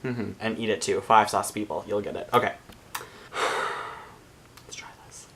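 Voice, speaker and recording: A man's voice: fairly low pitch, normal speed, creaky, pauses often, fairly bright tone, soft background music. Rambling, apologetic American guy vlogging. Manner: self-deprecating, rambling, apologetic. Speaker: YouTuber. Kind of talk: casual vlog to camera.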